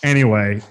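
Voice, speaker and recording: A man co-hosting a casual comedy podcast, animated and profane, laughing often. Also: mid-range voice, clear, resonant tone. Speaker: podcast co-host.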